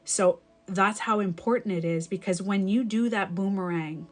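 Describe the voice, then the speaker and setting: A woman's voice: medium pitch, normal speed, faint music behind. A woman coaching viewers on a live stream, talking casually and repeating her points to encourage them. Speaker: breakup and self-love coach.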